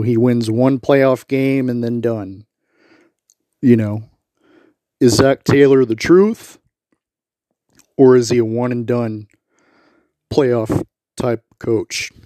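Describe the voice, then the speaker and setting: A man's voice: mid-range voice, mellow, no room sound, studio quality. A man hosting a solo sports podcast, talking emphatically and repeating his points with lots of "you know" fillers. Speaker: podcast host.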